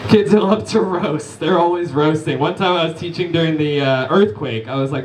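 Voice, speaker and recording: Stand-up comedian, punchy crowd-work one-liners. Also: male voice, on the high side, normal speed. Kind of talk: live stand-up set. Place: comedy club stage, live audience. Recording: echoey club room, distant capture.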